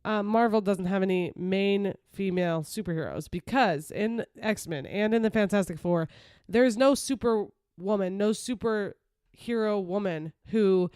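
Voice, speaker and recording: A woman's voice: medium pitch, a little mellow, clean tone, no room sound, studio quality. A woman co-hosting a podcast in casual chat, opinionated and teasing. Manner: opinionated, teasing, quick to mock. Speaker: podcast co-host.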